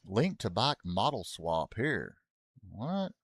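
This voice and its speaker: A man's voice: medium pitch, expressive, measured pace, fairly bright tone, no room sound, studio quality. A man streaming a racing game, chatting casually to his viewers, rambling and getting sidetracked with jokes. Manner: rambling, easily sidetracked, joking; talks to chat with y'all asides. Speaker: gaming streamer.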